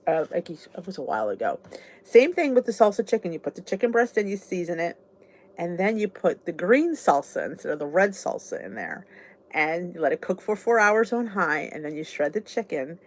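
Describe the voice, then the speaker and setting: A woman's voice: fairly low pitch, sing-song, a little fast. A woman from southern New Jersey with a South Jersey accent, chatting casually and rambling on a live stream as host of her weight-loss channel. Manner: chatty, rambling, greets viewers.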